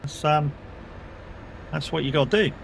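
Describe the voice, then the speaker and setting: A man chatting casually over a live game stream, his voice sitting a little higher than most men's. He rambles from story to story and acts out the people in them, with a faint hum of game sounds behind him. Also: normal speed, gravelly. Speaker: gaming streamer. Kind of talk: casual live-stream chat while playing.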